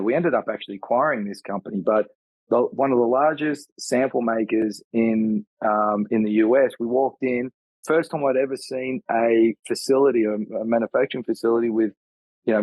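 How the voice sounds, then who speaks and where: An Australian man from Australia, a podcast guest talking in a mellow, laid-back way in casual interview chat. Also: mid-range voice, fairly quick, dry recording, poor audio. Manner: mellow, laid-back, drops in "mate" often. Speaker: guest, former pro rugby player.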